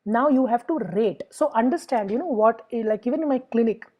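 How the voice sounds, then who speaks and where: A woman's voice: fairly high pitch, brisk, highs cut off. A middle-aged woman with an Indian English accent, a psychologist explaining emotions to parents step by step in a lecture and acting out the lines of clients and children. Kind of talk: lecture with examples.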